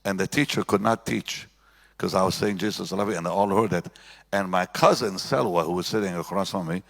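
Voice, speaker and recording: Deep gravelly older man in a hall. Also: fairly quick, fairly bright tone. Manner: storytelling with repeated phrases and restarts. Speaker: pastor, guest answering questions. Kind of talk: personal testimony in conversation. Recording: long hall reverb.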